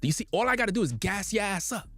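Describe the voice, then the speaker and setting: A man's voice: high voice, sing-song, very fast, sharp tone, no room sound, faint music behind. A man giving blunt, preachy reaction commentary on a livestream, lecturing his audience in casual slang.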